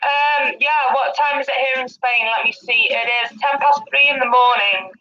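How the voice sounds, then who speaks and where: A woman's voice: sits high, normal speed, muffled recording, soft background music. A woman from England with an English accent, calling in from her living room and talking in a chatty, rambling, informal way. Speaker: caller. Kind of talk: casual call-in chat.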